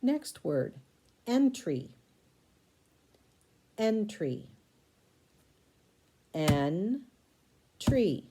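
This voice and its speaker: A woman teaching a recorded spelling lesson, sounding out syllables slowly and spelling words letter by letter. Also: deep voice, sing-song, mellow, a little hiss or hum.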